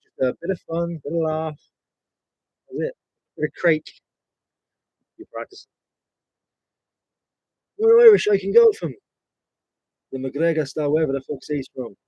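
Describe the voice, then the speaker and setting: A man's voice: on the high side, a little slow, long pauses, breathy edge, no echo, highs cut off. A man and reseller streamer rambling casually, bantering with viewers and swearing as he sorts his listings. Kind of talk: casual live-stream chat.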